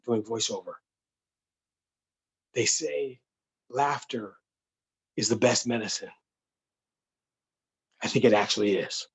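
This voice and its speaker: A comedian man with a husky, slightly breathy voice at an ordinary pitch. He chats in an animated way over a video call, telling stories and answering questions. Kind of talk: storytelling and Q&A chat.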